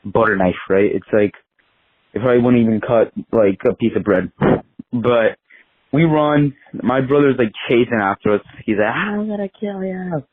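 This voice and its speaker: A man's voice: fairly low pitch, normal speed, dry recording, phone-quality sound. Rambling young man on a voicemail. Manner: rambling, lots of filler likes. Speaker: voicemail caller. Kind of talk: casual storytelling voicemail. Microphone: phone. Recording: phone voicemail line.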